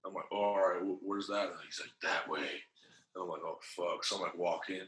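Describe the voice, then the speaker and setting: Male guest, low-ish voice, loose profane storyteller, roomy echo. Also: fairly even intonation, brisk, a crowd in the background. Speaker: podcast guest, former wrestler. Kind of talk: casual storytelling. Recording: echoey room.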